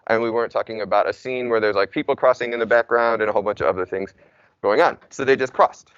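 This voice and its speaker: A man's voice: mid-range voice, steady tone, quick pace, fairly bright tone, clear, resonant tone, no room sound, lo-fi sound. A young man, a native English speaker, teaching Spanish in a casual, chatty classroom lecture full of "like" and "y'all". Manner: chatty, informal, uses y'all and like.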